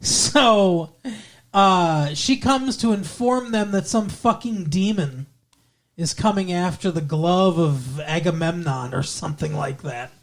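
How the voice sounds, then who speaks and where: A man's voice: high-pitched, slow. Sarcastic, swearing male podcast host. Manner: sarcastic, swears a lot, playful teasing. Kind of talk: casual chat.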